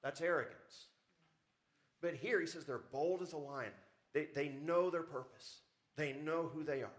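A man's voice: on the high side, a little slow. A man preaching a sermon as pastor, with rising emphasis and frequent rhetorical questions to the congregation. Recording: church service audio recording.

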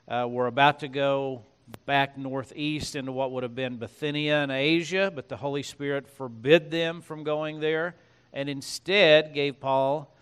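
A man's voice: fairly high pitch, fairly bright tone, clear, resonant tone. A man preaching a sermon as pastor, reading scripture aloud and breaking off into conversational asides.

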